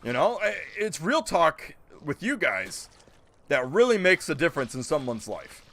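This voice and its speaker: A man's voice: fairly high pitch, big pitch swings, normal speed, fairly bright tone. A man streaming a game, chatting casually and ranting in disbelief as he answers his chat. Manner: incredulous, joking rants, answers chat. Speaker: gaming streamer.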